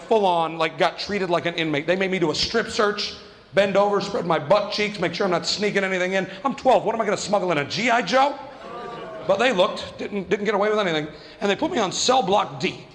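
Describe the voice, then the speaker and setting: A man's voice: high voice, fairly quick, a bit bright, big-room sound. A man from New Mexico doing stand-up, telling a story with profanity and self-mockery and acting out the other people in it. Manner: profane, self-mocking, acts out voices. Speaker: stand-up comedian.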